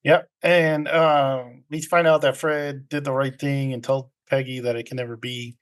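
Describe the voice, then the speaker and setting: A man's voice: mid-range voice, level tone, moderate pace. Laid-back man recapping a film. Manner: rambling retelling with filler ums and laughs. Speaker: podcast co-host. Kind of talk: casual movie recap chat.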